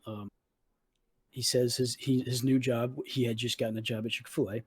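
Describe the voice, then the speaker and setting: A man's voice: medium pitch, fairly even intonation, a little fast, slightly rough. A man in his twenties, a podcast host, casually retelling a falling-out with a friend, swearing freely and acting out the texts and phone calls. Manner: profane, retells arguments with quoted dialogue. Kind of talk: casual storytelling chat.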